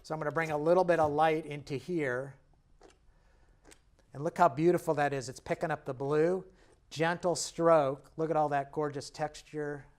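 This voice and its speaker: Guy teaching painting, kinda high clear voice, encouraging, admiring the strokes. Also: fairly even intonation, moderate pace, a little mellow. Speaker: painting instructor. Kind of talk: step-by-step painting lesson.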